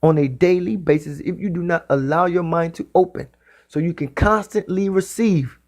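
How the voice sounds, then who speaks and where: A man giving a spiritual talk in the style of a sermon. He speaks emphatically and repeats his phrases, sometimes drawing them out slowly. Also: a little high, a little mellow. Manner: repetitive, emphatic, drawn-out phrasing. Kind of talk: preaching monologue.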